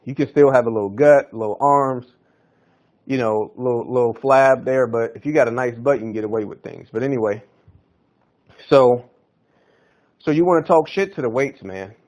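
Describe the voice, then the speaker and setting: A man's voice: mid-range voice, normal speed, long pauses, darkish tone. A man hosting a fitness podcast, talking in a loose, slangy, hyped-up coaching style. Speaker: podcast host. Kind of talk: casual fitness podcast monologue.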